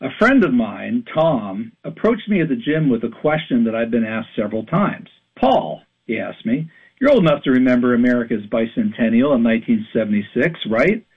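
A man's voice: mid-range voice, fairly quick, husky. A man in his fifties from western Pennsylvania, reading an emphatic radio commentary. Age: 50s. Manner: animated, emphatic delivery. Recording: tinny phone-like line.

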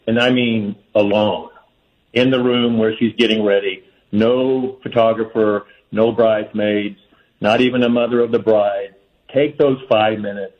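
A man's voice: on the low side, fairly even intonation, unhurried. A man calling in to a radio show, giving earnest, heartfelt advice. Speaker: caller. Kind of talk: call-in advice. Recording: dull phone-in line.

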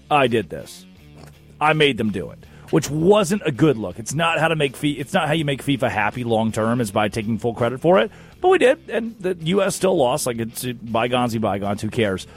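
A man hosting a casual sports talk show, telling stories in an animated, joking way. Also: on the high side, moderate pace, breathy edge, faint music behind. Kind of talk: casual comedic chat.

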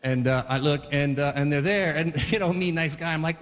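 A man's voice: fairly high pitch, a little fast, big-room sound. A man in his forties telling a rambling stand-up story, full of fillers and restarts. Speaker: stand-up comedian. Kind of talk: stand-up comedy routine.

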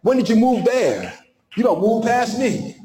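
A male preacher in full flow, pushing his voice up high and leaning on dramatic pauses. The echo around him sounds like a large room. He delivers the sermon with fervor and plays out little dialogues. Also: big pitch swings, warm tone. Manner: impassioned, preaching with dramatic pauses and acted-out quotes.

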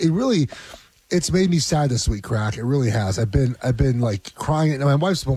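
A man's voice: mid-range voice, normal speed, a little mellow, husky. Sarcastic male sports radio co-host. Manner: sarcastic, mock-mournful. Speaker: radio co-host, former football player.

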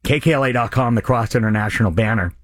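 A man's voice: medium pitch, fast, fairly bright tone, no echo, studio quality. A man hosting a radio charity appeal, speaking in an earnest, impassioned way. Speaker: radio host.

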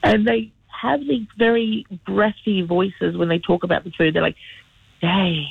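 A man's voice: high-pitched, normal speed, creaky, breathy edge, no echo. A man calling in as a regular radio contributor, explaining trends fluently and with opinions. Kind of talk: casual radio chat by phone. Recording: phone line.

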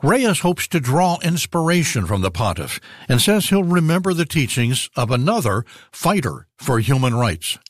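A man reading a scripted radio news feature as anchor, in a measured newsreader delivery. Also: mid-range voice, big pitch swings, no echo, studio quality.

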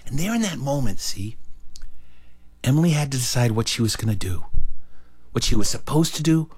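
A man spinning a childhood story for listeners, his voice rising and falling widely as he talks. He is animated, jumping into other characters' voices along the way. His pitch sits right in the middle for a man. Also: normal speed, breathy edge. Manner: animated, acts out characters with big pitch leaps. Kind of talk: told story performed for listeners.

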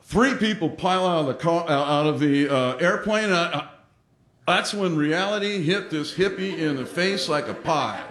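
A man telling a funny personal story on stage, animated and self-mocking, acting out the lines of the people in it. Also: a little high, moderate pace. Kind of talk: live comic storytelling. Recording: roomy hall with audience laughter.

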